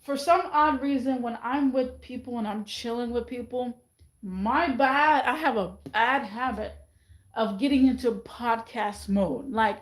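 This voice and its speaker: A woman vlogging in a casual, rambling monologue, chatty and animated, often mimicking other people's voices. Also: fairly high pitch, a little slow, reverberant, poor audio.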